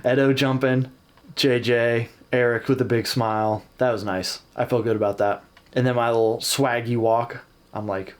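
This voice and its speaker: A man's voice: mid-range voice, fairly even intonation, normal speed. A man hosting a casual reaction video, talking candidly and self-deprecatingly about his own match footage.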